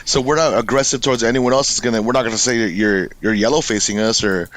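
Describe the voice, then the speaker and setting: A man's voice: medium pitch, fast. A man, a podcast guest chatting casually, swearing freely and telling stories in a laid-back way. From Los Angeles. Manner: profane, laid-back, animated storytelling. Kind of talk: casual chat.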